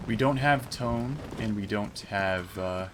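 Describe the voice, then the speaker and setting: Low-voiced man rambling on a game stream. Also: slow, noisy background. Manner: rambling, musing aloud with fillers and self-corrections. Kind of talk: casual live-stream chat while gaming.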